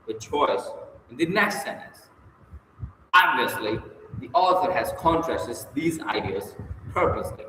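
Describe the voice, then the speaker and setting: A man reading aloud a lesson from a book on public speaking, leaning hard on the stressed words and drawing them out. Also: fairly high pitch. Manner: lively emphatic reading with stretched stressed words. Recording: echoey room with long reverb, faint noise.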